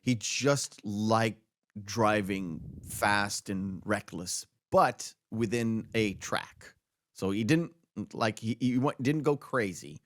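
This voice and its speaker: A man's voice: on the low side, slow pace, dry recording. Rambling male podcast host, dry sound. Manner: rambling, many fillers and restarts. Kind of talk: casual movie discussion.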